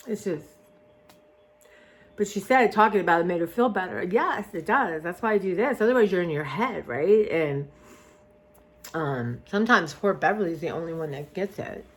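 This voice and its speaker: A woman's voice: fairly low pitch, animated, normal speed. A woman, vlogging in a rambling casual chat that trails off and restarts often.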